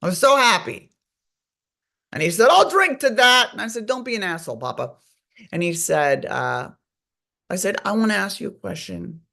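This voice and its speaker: A woman's voice: lowish voice, animated, brisk, gravelly. A middle-aged woman, a guest author, telling her story candidly and bluntly, with frequent swearing. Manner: blunt and profane, speaks openly. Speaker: guest author and recovery advocate.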